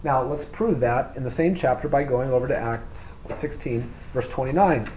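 A man preaching a sermon, reading scripture aloud and explaining it, moving between loud emphatic reading and quiet, low asides. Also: moderate pace. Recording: echoey room with faint hum.

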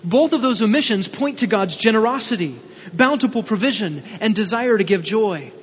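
A man's voice: sits high, animated, normal speed. A man preaching an expository sermon in an earnest, explanatory way, asking rhetorical questions, in a church hall. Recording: dull, reverberant hall recording with faint hum.

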